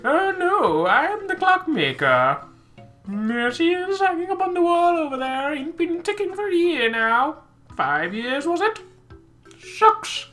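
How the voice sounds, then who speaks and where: A woman doing a squeaky forgetful old clockmaker guy, folksy drawl, game music faintly behind. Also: sing-song, measured pace, fairly bright tone, exaggerated voice. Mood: excited, rambling.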